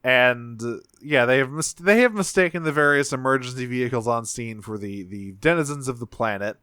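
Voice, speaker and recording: A man in a relaxed podcast chat, his mid-pitched voice smooth and resonant. He rambles through a cartoon recap with plenty of ums and casual swearing. The sound is close and dry, with no room around it. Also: brisk, dry recording. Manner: laid-back, swears freely, many fillers, acts out lines. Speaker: podcast co-host.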